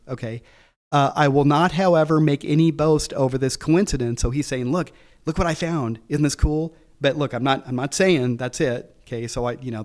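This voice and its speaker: A man teaching a Bible class, reading quoted passages slowly and explaining them in a casual way, thinking aloud with many fillers and restarts. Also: mid-range voice, a little mellow. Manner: slows down to read quoted passages.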